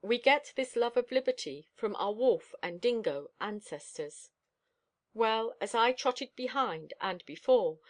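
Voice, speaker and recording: A woman reading a novel aloud in first-person narration, expressive and measured. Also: on the high side. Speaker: audiobook reader.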